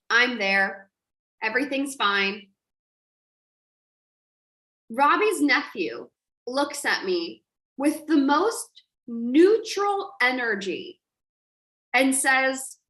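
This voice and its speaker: A woman coach telling an animated story on a live stream, acting out quotes and laughing often. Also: fairly high pitch, extremely slow, long pauses, roomy sound. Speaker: online business coach.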